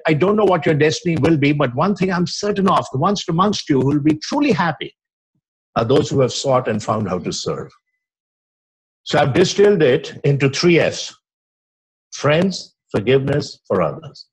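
An older man with an Indian English accent speaks to a lecture hall, his voice a little husky. He tells stories, dropping low and quiet on the punchlines of the quotes he recites. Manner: storytelling, quotes with soft dramatic drops. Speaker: physician giving grand rounds talk.

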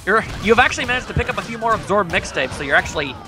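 A man's voice: sits high, racing, music in the background. A man hosting a co-op game playthrough, joking and explaining the game as he plays. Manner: excitable, jokey, explains the game. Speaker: let's play host. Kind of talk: casual co-op gameplay banter.

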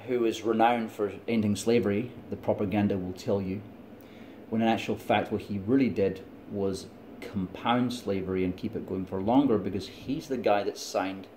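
A man's voice: lowish voice, steady tone, normal speed, dark tone, a little hiss or hum. A middle-aged man with a Scottish accent, vlogging in a rambling, digressive monologue, chatty and laughing often. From Scotland.

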